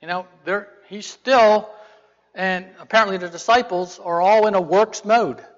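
At a moderate pace and with fairly even intonation, a man with a high voice teaches a Bible lesson as a preacher, talking conversationally and putting rhetorical questions to listeners. The recording sounds like a dull, reverberant hall.

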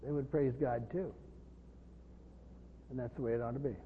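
A pastor with a medium-pitched voice and fairly even intonation preaches verse by verse at a moderate pace. He's earnest, repeats words, stresses key terms and voices imagined speakers, in a dull lo-fi church hall recording with long reverb and slight background noise.

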